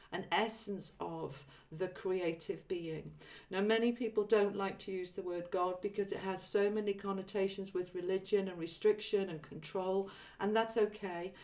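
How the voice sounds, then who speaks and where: Recorded from a distance, a medium-pitched woman hosts a relaxed spiritual livestream, chatting informally with frequent ums while reading viewers' comments aloud.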